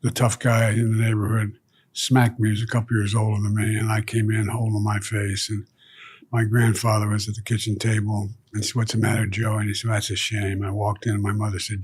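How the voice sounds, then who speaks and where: A man's voice: on the low side, little pitch movement, fairly quick, husky. An older man as an interview guest, telling childhood stories with many restarts and fillers. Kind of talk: storytelling in an interview. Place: seated indoors for an interview.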